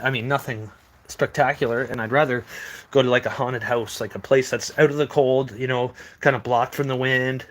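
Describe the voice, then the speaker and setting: A man's voice: mid-range voice, fairly bright tone. A young man casually recounting strange experiences, rambling with lots of fillers and swearing. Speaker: paranormal video creator. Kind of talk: casual storytelling.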